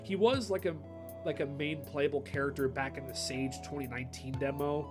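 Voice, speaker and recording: A young man hosting casual game commentary, rambling with lots of fillers and restarts. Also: medium pitch. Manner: rambling, many fillers and restarts, does quick impressions. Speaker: video host. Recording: background music over the voice.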